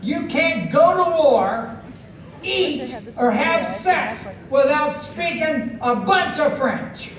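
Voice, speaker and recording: An American man performing a live stand-up routine, drawing out his words and breaking into shouts. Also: very high voice, expressive. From United States. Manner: drawn-out, emphatic delivery, bursts of shouting. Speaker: stand-up comedian. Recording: echoey venue, mic from a distance, ambient noise.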